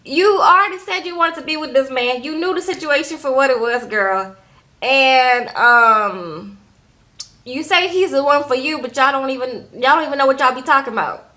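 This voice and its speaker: A young woman recapping a reality show in a casual, animated way, tossing in "okay?" and "girl" as she goes. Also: sits high, normal speed.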